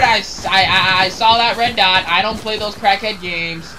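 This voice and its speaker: A young man giving casual gameplay commentary, excitable, swearing and shouting at enemies. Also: high voice, normal speed, few pauses, a little hiss or hum. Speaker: gaming channel host.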